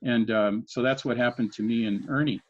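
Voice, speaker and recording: An older man in his sixties speaks as a podcast guest in a medium-pitched voice, earnestly walking through events one step at a time. He often stops and restarts his sentences. The recording sounds dull and lo-fi. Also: steady tone, a little fast. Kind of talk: conversational storytelling. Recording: dull lo-fi audio.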